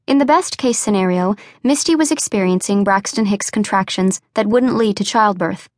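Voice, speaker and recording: A woman narrating an unabridged audiobook in a measured, even storytelling voice. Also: mid-range voice, no echo, clean studio sound.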